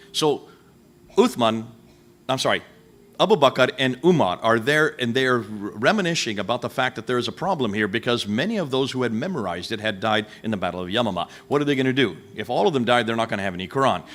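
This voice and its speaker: Animated man lecturing a live audience. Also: fairly low pitch. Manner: animated, rhetorical questions, addresses listeners directly.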